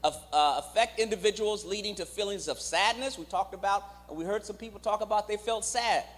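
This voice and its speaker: A man with a high voice teaches a church congregation, calling on the listeners to answer and repeat words back. His voice rings with long reverb through the church hall of a live stream. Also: brisk, a bit bright, a little hiss or hum. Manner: engages the audience directly, acts out quoted voices. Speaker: clinician giving a teaching at church. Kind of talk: church teaching with call-and-response. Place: church sanctuary.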